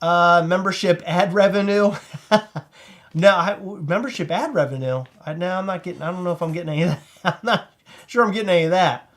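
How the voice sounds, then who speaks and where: A high-pitched man with a Maryland accent hosts a casual live chat. He talks in an excitable, rambling way and breaks into laughter often. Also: a little fast. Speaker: host.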